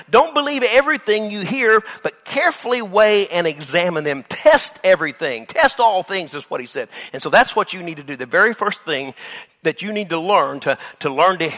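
A man preaching from the pulpit, his voice pitched high and swinging widely up and down. The tone is bright and bold, and he acts out the Bible's dialogue with a chuckle here and there. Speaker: pastor. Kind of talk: sermon.

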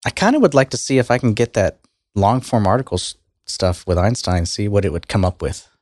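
A man with a lowish voice co-hosts a relaxed tech podcast while losing his voice. He clears his throat often between remarks. The recording is dry and close. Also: fairly quick, no echo. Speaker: podcast co-host. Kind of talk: casual tech podcast chat.

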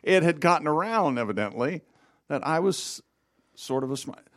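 Co-host, male, dry self-deprecating storyteller, lots of pitch movement. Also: normal speed. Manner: wry storyteller, animated and self-mocking. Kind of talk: casual chat.

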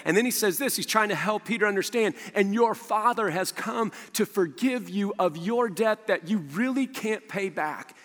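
A man preaching a sermon, animated, often acting out what the people in the story say. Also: sits high, moderate pace, hardly any pauses. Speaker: pastor. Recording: reverberant hall.

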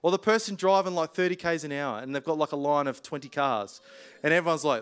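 A man, preaching a casual sermon full of stories, chatty and quick to laugh. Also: a little high, fairly bright tone, clear, resonant tone. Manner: chatty, laughs often, colloquial.

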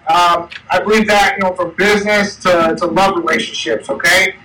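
A man's voice: high voice, steady tone, normal speed, background noise. A man co-hosting a casual talk show, speaking in a promotional way with many fillers and restarts. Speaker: co-host. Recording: distant from the mic.

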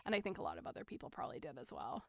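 A woman's voice: a bass voice, wildly swooping pitch, rapid-fire, gravelly, dry recording, clean studio sound. A woman co-hosting a casual TV recap podcast, talking frankly, swearing casually and laughing often. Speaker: podcast co-host.

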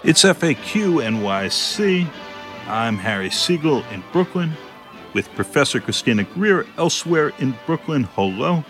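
A man's voice: mid-range voice, big pitch swings, a little slow, music in the background. A man hosting a podcast, chatting casually about politics in a blunt, wry way and cutting in when he has a point to make. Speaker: podcast host. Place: home in a city, remote recording.

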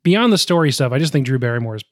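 Casting note: male podcast co-host, mid pitch, rambling and thoughtful, close dry mic. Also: expressive, rapid-fire, dry recording. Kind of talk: casual movie discussion.

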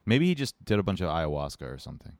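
A man co-hosting a podcast in casual chat, rambling along with deadpan, crude jokes. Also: low-pitched, rapid-fire, gravelly, dry recording. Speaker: podcast co-host.

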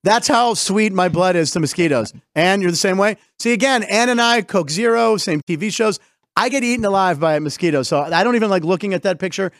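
Middle-aged guy hosting a goofy sports talk show, high voice, dry close sound, jokey and rambly. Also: a bit bright, no echo. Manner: joking, rambling, quick asides. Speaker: host. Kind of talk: casual comedic sports talk.

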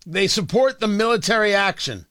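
A man's voice: high voice, animated, normal speed, bright, forceful tone, dry recording, studio quality. A male talk radio host delivering a sarcastic, ranting opinion monologue.

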